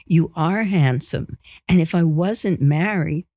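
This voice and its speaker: A woman voicing a playful young newlywed wife, in a raised, softer voice. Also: slow, no room sound. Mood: coy. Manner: higher, softer voice for her pleading lines. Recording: dull, dry.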